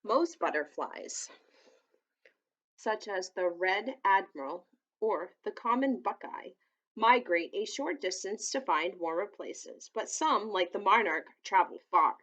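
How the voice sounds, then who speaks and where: A woman reading a children's picture book aloud, gently adding asides that explain things to young listeners. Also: medium pitch, animated, slow, dull audio.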